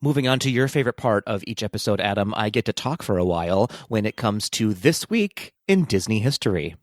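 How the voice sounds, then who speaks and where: A man co-hosting a casual podcast, playful and quick to laugh as he reads listener mail. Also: fairly low pitch, animated, dry recording, clean studio sound. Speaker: podcast co-host.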